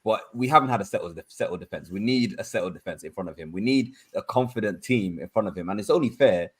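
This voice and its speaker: Teasing london guy on a football panel, lowish voice, talks quick. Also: animated, slightly rough. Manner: teasing, quick, laughs often. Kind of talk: casual football panel chat.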